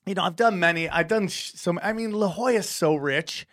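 A male comedian telling a long story in casual chat, animated and profane, acting out voices of the people in it. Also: high voice, normal speed. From California. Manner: animated, profane, acts out voices in his stories. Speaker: comedian guest.

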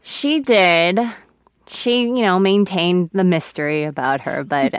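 A woman actor in her thirties being interviewed on radio, thoughtful and halting with soft laughs, close to tears. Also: fairly low pitch, smooth, dry recording. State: emotional, near tears.

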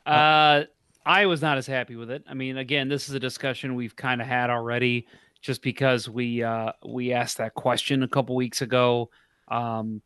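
A man's voice: mid-range voice, a bit bright, smooth, dry recording. Male podcast co-host, blunt and opinionated, dry close sound. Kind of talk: casual sports podcast chat.

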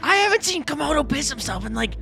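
A man's voice: extremely high pitch, sing-song, fast talker, vocal fry, over music. A man playing a tabletop game, talking in character in a rambling, exasperated, joking way. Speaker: player.

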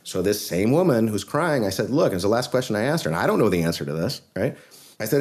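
A man, a trial lawyer guest on a podcast, telling a case story in an earnest, animated way. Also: fairly low pitch, fairly quick.

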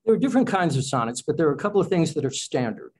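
A male author and poet in conversation, his voice a little higher than most men's. He talks in a loose, chatty way and often makes fun of himself while he explains his craft. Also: big pitch swings, racing, darkish tone. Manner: chatty and self-deprecating, explains with examples. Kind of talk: radio interview conversation.

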